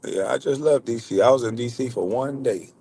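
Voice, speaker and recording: A man's voice: mid-range voice, a little fast, warm tone, a little hiss or hum. A man, hosting a casual livestream and bantering loosely with chat, swearing and laughing. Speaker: livestream host.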